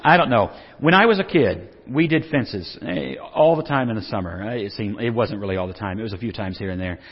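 A man's voice: on the low side, fairly quick, slightly rough. A middle-aged man preaching a humorous sermon, telling stories with jokes and frequent restarts. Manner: joking, storytelling, frequent restarts. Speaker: pastor. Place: church sanctuary. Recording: dull lo-fi recording with long hall reverb.

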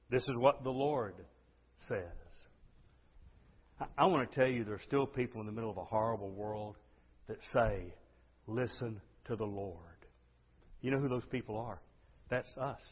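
A man preaching a sermon, swinging between hushed, intimate lines and loud, impassioned outbursts. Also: medium pitch, moderate pace, slightly rough. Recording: dull sound with long hall reverb.

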